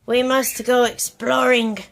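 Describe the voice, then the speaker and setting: A woman at home coaxes and scolds her pet birds in a high, gravelly voice. She talks slowly and sweetly, then firmly. A loud ceiling fan roars behind her. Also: flat delivery, background noise. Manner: coaxing baby talk with scolding to her pets. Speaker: pet owner vlogger. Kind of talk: casual home video.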